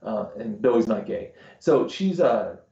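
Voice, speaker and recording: A man's voice: lowish voice, animated, measured pace, gravelly, warm tone. A man co-hosting a podcast, swearing freely as he tells stories in casual chat. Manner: crude, swearing storyteller. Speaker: podcast co-host. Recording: dull, roomy live-stream audio.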